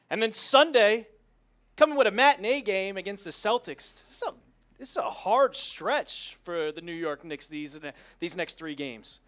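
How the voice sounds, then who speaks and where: A man with a high voice that swings widely in pitch, talking sports as a co-host. He is animated and excitable, and he is quick to mock. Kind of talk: sports talk show.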